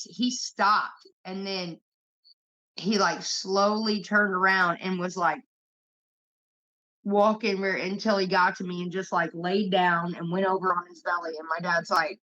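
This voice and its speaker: A woman's voice: lowish voice, sharp tone. A young woman hosting a livestream, telling rambling stories full of profanity in casual chat. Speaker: livestream host. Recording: muffled lo-fi stream audio.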